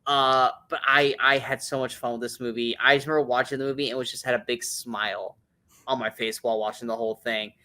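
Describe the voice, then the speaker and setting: A man's voice: mid-range voice, flat delivery, fast talker, pushed and bright. A man co-hosting a casual movie-review podcast, blunt and opinionated, swearing often and restarting his sentences as he rambles.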